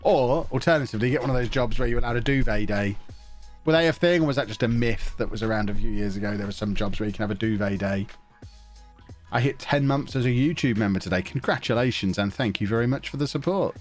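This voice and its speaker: A man's voice: medium pitch, fast talker, faint music behind. A man with a sniffly, stuffed-up nose, chatting casually and rambling through a live stream while he plays a management game.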